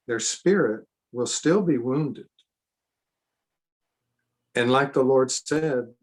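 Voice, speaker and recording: A man's voice: mid-range voice, unhurried, husky. A middle-aged man teaching a church seminar in an earnest way, repeating himself for emphasis and adding spontaneous asides. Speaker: preacher.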